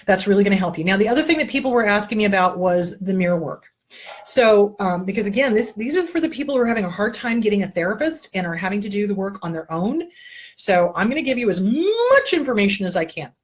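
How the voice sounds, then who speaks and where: A woman's voice: medium pitch, fast talker. A woman therapist and show host giving casual self-help advice, blunt and profane, coaching the listener step by step through exercises. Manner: blunt, earthy and profane, with lively asides.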